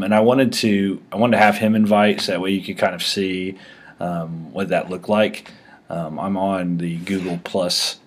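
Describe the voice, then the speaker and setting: A man's voice: low-pitched, breathy edge. A man hosting a casual tech show, rambling with lots of fillers and restarts. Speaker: host. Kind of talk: casual screen-recorded tech chat.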